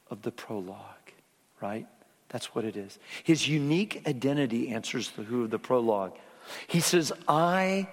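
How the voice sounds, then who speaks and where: Man preaching in a reverberant hall. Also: mid-range voice. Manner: dynamic preaching, dropping to soft hushed tones for emphasis. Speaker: pastor. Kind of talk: sermon.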